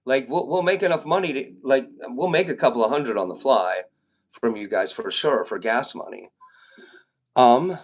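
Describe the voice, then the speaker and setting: A man's voice: mid-range voice, normal speed. A man live-streaming, telling a long rambling story to his chat, with lots of fillers and swearing. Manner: rambling, profane, with many fillers and restarts.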